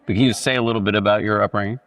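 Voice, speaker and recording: A man from Massachusetts hosting an interview, asking questions in a halting way with restarts. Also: lowish voice, fairly even intonation, a bit bright, big-room sound. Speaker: podcast host.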